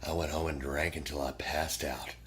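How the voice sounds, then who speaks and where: Bright-voiced man telling animated stories. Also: very deep voice, moderate pace. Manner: animated storyteller, acts out quoted voices, swears freely. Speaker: podcast guest. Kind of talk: casual storytelling chat.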